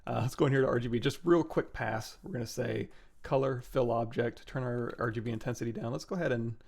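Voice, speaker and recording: A man with a gravelly edge to his mid-pitched voice walks through a software tutorial in a loose, chatty way, thinking aloud and correcting himself. He speaks into a desk mic, with typing and clicking behind him. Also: fast. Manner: relaxed, talks through steps while working, self-corrects. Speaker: 3D sculpting livestream host. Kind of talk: casual software tutorial narration.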